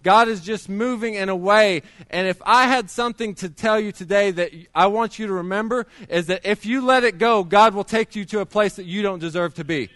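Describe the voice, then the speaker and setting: A man's voice: sits high, a little fast, few pauses, fairly bright tone, no room sound. A middle-aged man preaching a sermon, telling his testimony in a conversational way with many restarts.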